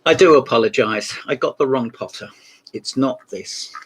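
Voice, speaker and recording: A man's voice: mid-range voice, moderate pace, fairly bright tone, husky. A man in a rambling comic monologue about old books, breaking off into mock phone calls and asides. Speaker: comedy book reviewer.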